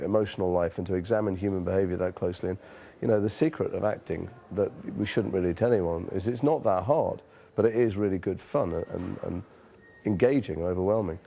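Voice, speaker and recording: A fairly low, gravelly yet mellow voice belongs to this actor, a man in his forties with a northern English accent. In the interview he looks back on his life through frank, self-deprecating anecdotes, swearing casually along the way.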